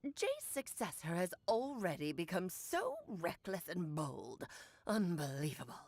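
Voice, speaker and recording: A woman's voice: on the low side, very animated, darkish tone. An actress voicing a grand, eccentric woman mage with a theatrical, storytelling manner, from a game with music behind. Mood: mock stern. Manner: theatrical, storytelling, dramatic pauses.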